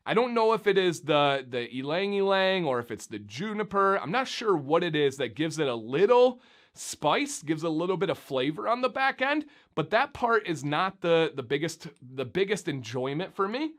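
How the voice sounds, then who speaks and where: A young man from Michigan reviewing beard oils in a casual, animated vlog, talking straight to viewers. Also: a little high, moderate pace. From Michigan, USA.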